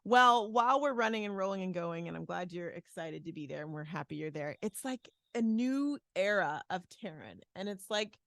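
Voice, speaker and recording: A woman co-hosting a podcast in casual chat, playful and lively, jumping between topics. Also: fairly low pitch, moderate pace, gravelly, hardly any pauses, no room sound, clean studio sound. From Arizona, USA. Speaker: podcast co-host.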